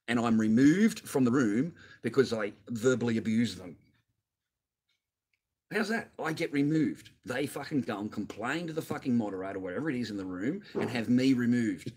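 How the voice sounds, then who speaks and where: A man's voice: medium pitch, expressive, normal speed, a little mellow, slightly rough. A man hosting his own channel, ranting on a livestream in an angry, profane, rambling way. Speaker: channel host. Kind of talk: livestream rant.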